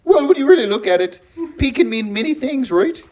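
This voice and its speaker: A man's voice: very high-pitched, big pitch swings, brisk, a little mellow, pitched above the performer's own voice. A man doing an impression of an earnest, lecturing male pundit whose voice cracks upward.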